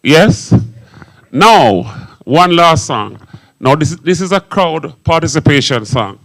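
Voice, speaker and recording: A man's voice: on the high side, slow pace, poor audio. A man from Zimbabwe performing on stage as an entertainer, speaking with patois-inflected English and leading the crowd in call-and-response. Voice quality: Caribbean-inflected patois speech. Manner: energetic, hyping the crowd. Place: event hall.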